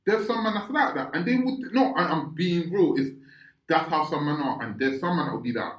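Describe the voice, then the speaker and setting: A man's voice: a little high, lively intonation, a little fast. A man, co-hosting a podcast in casual chat, rambling with many restarts and checking if you understand. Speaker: podcast co-host. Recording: echoey room, slightly muffled sound.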